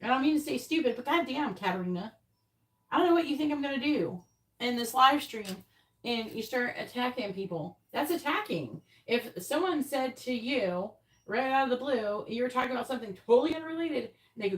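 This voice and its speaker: A woman's voice: on the high side, animated, fairly quick, far from the mic. A woman hosting a tarot live stream, bluntly scolding a viewer in chat with plenty of swearing. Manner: exasperated, scolding, blunt and profane. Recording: roomy echo, off mic.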